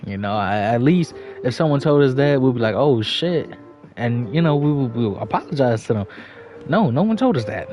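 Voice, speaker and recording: This New York livestreamer, chuckling and swearing, tells loose stories while he games, speaking a little fast in a medium, darkish voice with lively intonation. The audio sounds dull, with faint music underneath.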